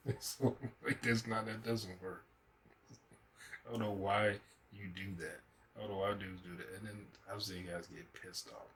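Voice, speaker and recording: Man, deep low voice, casual reaction host, cursing and chuckling, faint hiss behind. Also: normal speed, sharp tone, poor audio. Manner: loose, profane, laughing storyteller.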